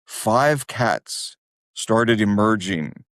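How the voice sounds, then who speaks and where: A middle-aged man from Wilmington, speaking as a therapist guest and telling animated stories in casual chat. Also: on the low side, drawn-out words, no echo, clean studio sound. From Wilmington, Delaware. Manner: animated, self-deprecating, jumps into quoted voices. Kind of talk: casual storytelling in a podcast interview.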